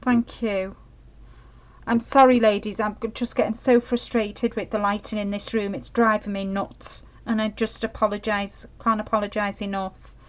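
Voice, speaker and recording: A woman's voice: mid-range voice, level tone, moderate pace, rough recording. A middle-aged woman giving a live craft demonstration, chatty and apologetic, often checking that viewers can see.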